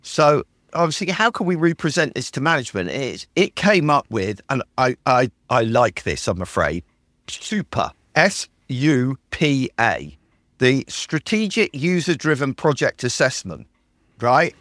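Man, British accent, enthusiastic podcast host, lively pitch, dry sound. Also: a little slow, no echo. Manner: enthusiastic, animated, acts out his own typed prompts. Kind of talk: casual chat.

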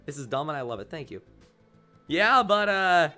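A man's voice: a little high, big pitch swings, moderate pace, bright, forceful tone, soft background music. Sarcastic man streaming a game. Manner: mocking, sarcastic, laughs a lot. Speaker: gaming streamer. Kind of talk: let's play commentary.

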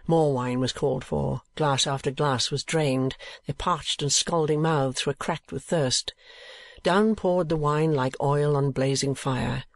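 A man narrating a classic novel as an audiobook in a steady, measured way. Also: mid-range voice, no room sound.

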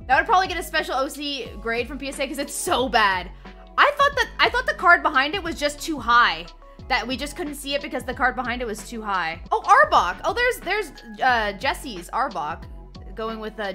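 A young woman streaming live, chatting casually and excitably as she opens trading cards and reads chat aloud. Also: high-pitched.

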